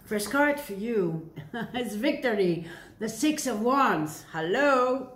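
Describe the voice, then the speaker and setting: A woman with a fairly high, expressive voice gives a casual tarot reading to camera at a slow pace. She's playful and chatty, often posing rhetorical questions and answering them herself. The room is echoey, with a faint hiss.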